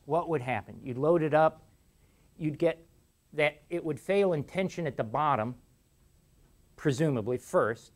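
Chatty man lecturing, higher voice. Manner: chatty, laughs often, many restarts. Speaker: university lecturer. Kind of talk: classroom lecture. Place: lecture hall.

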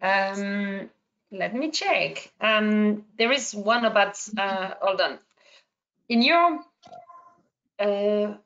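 A woman's voice: mid-range voice, fairly bright tone, highs cut off. A woman from France with a slight French accent, moderating an online webinar Q&A in a hesitant way, full of fillers and restarts.

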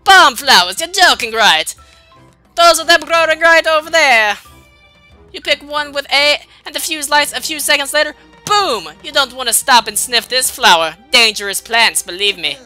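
A woman voicing a brash male mole creature in a vaguely Italian put-on accent, loud and swaggering while reading game dialogue. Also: high voice, animated, moderate pace, soft background music, pitched above the performer's own voice. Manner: loud, gruff, swaggering, shouty.

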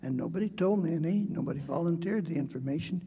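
This older man speaks in a gravelly, husky voice that sits a little high for a man. His tone is mellow and soft-edged. He recalls his boyhood slowly at a debate, pausing often and restarting his sentences as he goes. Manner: halting, with frequent hesitations and restarts. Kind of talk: reflective storytelling in a debate speech.

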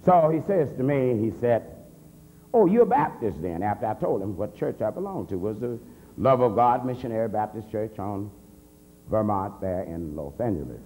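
A man, an assistant pastor, telling his conversion story as a convention sermon, swinging from a low murmur to heated near-shouts. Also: normal speed. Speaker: minister giving testimony. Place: large convention hall. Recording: reverberant hall with faint hum.

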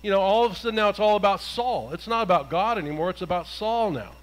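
A man's voice: high-pitched, fast, low-quality recording. A male pastor giving a conversational sermon, retelling a Bible story and asking his congregation questions.

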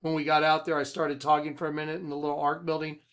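A man who leads a ministry, telling a rambling personal story with emphatic swings from loud to hushed. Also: a little high, little pitch movement, fast. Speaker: ministry leader.

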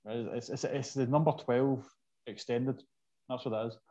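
A man with a Scottish accent, bantering in animated, sweary, casual podcast chat. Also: mid-range voice, moderate pace. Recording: dull, lo-fi sound.

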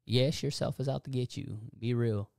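A young man talking casually about faith and self-forgiveness on a podcast, animated and preachy, laughing often. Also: mid-range voice, normal speed, vocal fry, no echo, clean studio sound. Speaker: podcast co-host.

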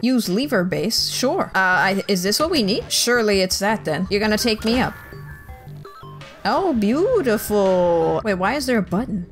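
An animated woman narrating her own playthrough, her pitch leaping up and down as she jokes with the game characters. She keeps up an easy let's-play chatter, with a touch of faint music underneath. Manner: chatty, joking, reacting aloud and talking to game characters. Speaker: gaming channel host. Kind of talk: casual let's-play commentary.

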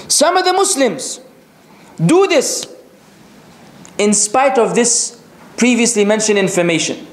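A man preaching a religious lecture, reciting Arabic scripture rapidly and asking rhetorical questions. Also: extremely high pitch, sing-song, echoey room, slight background noise. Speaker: Islamic preacher.

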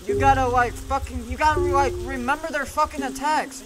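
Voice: high-pitched, fairly even intonation, fairly quick, few pauses, music in the background. A gaming video creator giving gameplay commentary, frustrated and swearing constantly while ranting at the game.

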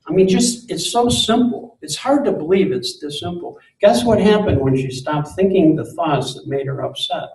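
An earnest man giving a spiritual talk in a hall, gently insistent and repeating himself for emphasis. His voice sits a bit high. The sound is roomy, picked up from some distance away. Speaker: speaker on spirituality.

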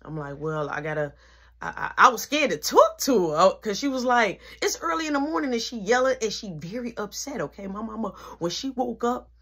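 A woman's voice: mid-range voice, husky. Slangy teen woman telling a storytime. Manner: slangy, animated retelling with whispered asides. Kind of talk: casual storytime.

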